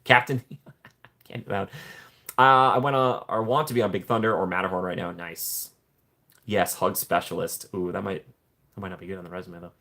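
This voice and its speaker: A man hosting a casual live stream, chatting warmly with viewers and greeting them by name from the chat. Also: low-pitched, moderate pace, long pauses. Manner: playful put-on excited voices when joking. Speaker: livestream host reading chat.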